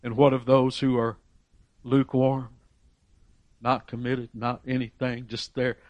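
A man's voice: medium pitch, level tone, measured pace, darkish tone, dry recording, highs cut off. Emphatic male preacher, dry sound. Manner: emphatic, voices characters in Bible stories. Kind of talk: sermon.

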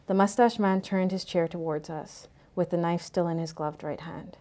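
A woman reads a first-person story aloud, her voice low and mellow. She keeps a measured pace and lets each phrase trail off softly. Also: fairly even intonation. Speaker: narrator.

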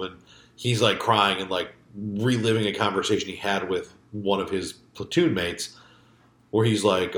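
A man's voice: fairly low pitch, moderate pace, fairly bright tone. A man co-hosting a podcast in loose, profane casual chat, rambling with many fillers. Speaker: podcast co-host. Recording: echoey room.

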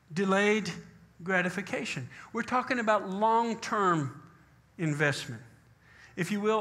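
Emphatic man preacher with a bright, forward voice, slows for scripture. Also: sits high. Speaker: pastor. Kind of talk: sermon.

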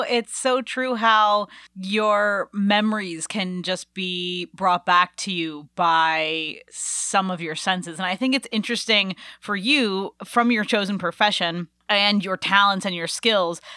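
A woman hosting a casual interview, reflecting warmly and encouragingly on her guest's story. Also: medium pitch, slow pace, few pauses, clear, resonant tone, no room sound, clean studio sound. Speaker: podcast host.

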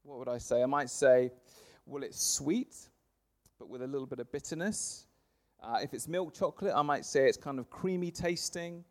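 A man, preaching a sermon to a congregation, punching words loudly then letting phrase ends fall soft. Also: on the high side, normal speed. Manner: lively, swings from loud emphasis to soft trailing phrase ends. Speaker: pastor. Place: church service before a congregation.

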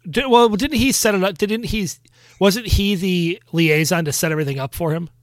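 A man's voice: high-pitched, normal speed, no room sound, studio quality. A man co-hosting a casual movie chat, explaining things carefully with joking defensiveness. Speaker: podcast co-host.

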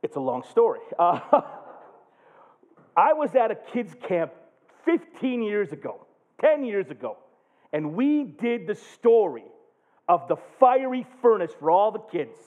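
High, lively male preacher, tinny sound. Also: unhurried. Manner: excitable, jokey, loud bursts when acting out the story. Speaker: pastor. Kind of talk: animated sermon storytelling.

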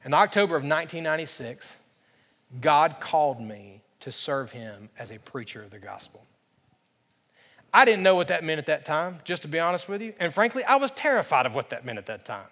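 A man's voice: high voice, lively intonation, brisk, a bit bright, big-room sound. A man preaching a sermon as pastor, earnest and emphatic, driving home key phrases by repeating them.

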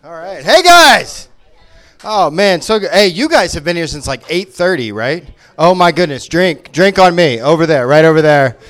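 A man from Memphis does stand-up in a casual, rambling way, full of quick asides and jokes at his own expense. His voice sits slightly high for a man. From Memphis, Tennessee. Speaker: stand-up comic. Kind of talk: stand-up set. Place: comic book shop venue.

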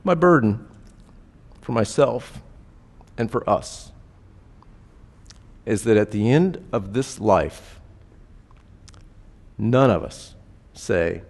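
A male pastor preaching a sermon, moving between hushed reflection and rising fervent exhortation. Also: on the low side, animated, extremely slow, gravelly, pauses often. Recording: long hall reverb.

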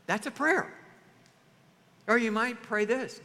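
A man preaching a sermon as pastor, animated, acting out the voices of churchgoers. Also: very high-pitched, slow pace. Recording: long hall reverb.

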